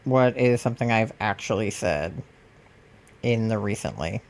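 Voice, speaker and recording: A woman's voice: extremely low pitch, expressive, unhurried, darkish tone. Rambling young woman streamer, many fillers. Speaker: livestreamer. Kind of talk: casual live-stream chat.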